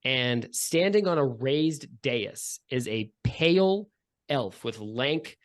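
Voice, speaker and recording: A man narrates as game master of a tabletop game, drifting through his descriptions with fillers and jokey asides. His voice sits at an ordinary middle pitch. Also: lively intonation, takes it slowly. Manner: loose, rambling descriptions with many fillers.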